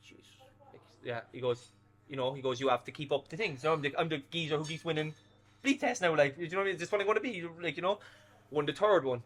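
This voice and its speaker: A fast-talking man in his thirties recounts his playing days in a casual interview. His voice is bright and forceful, and he tells his anecdotes with lively energy and plenty of swearing. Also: fairly high pitch. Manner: animated anecdotes, swears freely. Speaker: former footballer guest.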